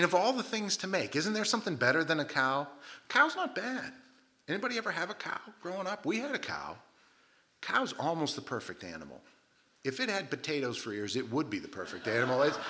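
A man preaching a sermon, telling stories with comic asides and quoting characters in put-on voices. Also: a little high. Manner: lively storytelling with comic asides and voiced quotes. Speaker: pastor.

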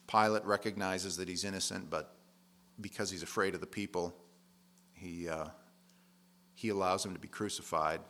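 A man's voice: low-pitched, fairly even intonation, moderate pace, pauses often, pushed and bright. A man preaching a sermon in a conversational, plain-spoken way, leaning hard on key words.

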